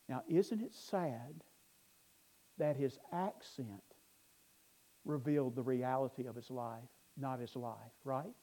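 A man's voice: medium pitch, a little slow, dark tone, low-quality recording. A male pastor preaching a sermon earnestly, building to emphatic bursts and restarting words as he goes.

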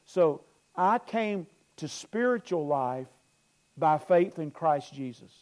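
A man preaching a sermon as pastor, earnest, swelling loud and then dropping low, often repeating and restarting his phrases. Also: animated, slow.

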